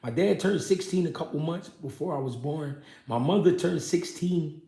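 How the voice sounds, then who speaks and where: A young man, a former pro boxer, telling his story in a casual, animated, profane way. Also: a little high, normal speed, creaky. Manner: animated, profane street talk with many "you know what I mean". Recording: echoey room.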